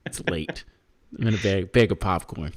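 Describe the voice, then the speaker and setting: A man's voice: sits low, moderate pace. A man with a Canadian accent chatting casually on a podcast, joking around and laughing often. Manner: laughs often, jokey and animated, lots of fillers. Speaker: podcast co-host.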